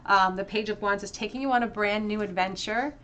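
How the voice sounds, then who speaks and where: A woman's voice: medium pitch, fairly bright tone, highs cut off. Earnest woman doing a tarot reading. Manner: earnest, emotional, halting with many fillers. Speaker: tarot reader.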